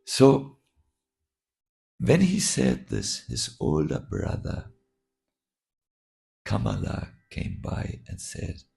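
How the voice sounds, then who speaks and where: A man, a monk, telling a story while teaching a scripture class, halting with many fillers and restarts. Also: mid-range voice, huge pitch swings, creaky, a little mellow.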